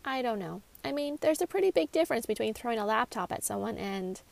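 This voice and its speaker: A woman's voice: on the high side, lively intonation, fast, creaky. A woman voicing Drew, an upbeat grown daughter. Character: cheerful grown daughter, easygoing.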